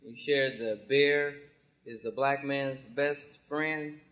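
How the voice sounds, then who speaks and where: A man from the audience speaks quietly and respectfully as he poses a question. His voice comes through thin and tinny, like a phone line, and sounds set back from the mic. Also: medium pitch, steady tone, takes it slowly. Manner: quiet, deferential. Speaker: audience member asking a question. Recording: tinny distant phone-like audio.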